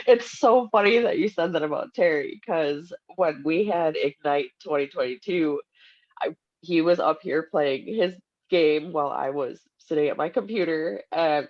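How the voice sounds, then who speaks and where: A woman joining a group video call, telling a story in a friendly, giggly way. The audio comes through dull and lo-fi. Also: lowish voice. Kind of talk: casual chat.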